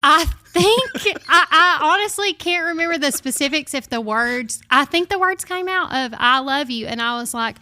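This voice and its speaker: A woman's voice: high voice, expressive, moderate pace, few pauses, bright, forceful tone. A young woman with a Southern US accent, a podcast guest chatting casually and laughing at herself. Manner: chatty, laughs often, self-deprecating.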